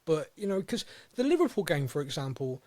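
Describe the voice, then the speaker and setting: A man hosting a podcast in casual chat, eager and quick to laugh at himself. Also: fairly high pitch, sing-song, darkish tone, dry recording. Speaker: podcast host.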